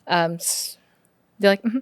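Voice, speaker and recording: A woman, a puppeteer and podcast guest from the United States, tells family stories in a casual, animated way, laughing often and using lots of "like". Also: mid-range voice, fairly quick, no echo, studio quality. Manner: animated, laughs often, mimics her parents' voices; heavy use of "like" as filler. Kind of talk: casual conversational storytelling.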